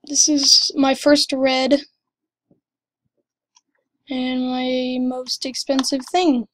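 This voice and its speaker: A woman giving excited commentary over her gameplay, gushing and exclaiming breathlessly. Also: high voice, drawn-out words, a little hiss or hum. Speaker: gamer.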